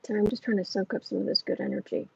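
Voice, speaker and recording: Against a noisy background, a woman with a steady, creaky mid-range voice races through her tarot livestream. She reads comments and talks earnestly with viewers in a meandering way, restarting many times, all captured in dull lo-fi audio.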